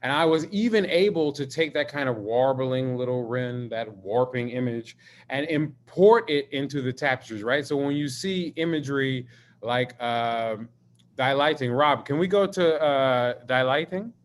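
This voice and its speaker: A man, an artist, talking in a live-streamed video conversation, an expressive and emphatic storyteller who swears freely. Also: mid-range voice, measured pace, a little hiss or hum. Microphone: video call.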